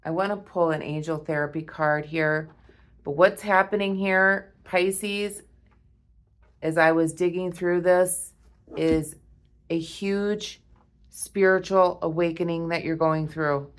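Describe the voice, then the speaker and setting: A woman giving a spiritual tarot reading to her viewers, awed and emotional, repeating herself and often breaking off with a soft "wow.". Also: lowish voice, steady tone, takes it slowly. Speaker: tarot reader.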